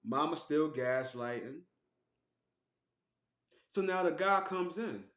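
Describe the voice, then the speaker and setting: A man giving casual, animated storytelling commentary as an online vlogger. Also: fairly high pitch, slow, roomy sound. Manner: animated, acts out quoted voices.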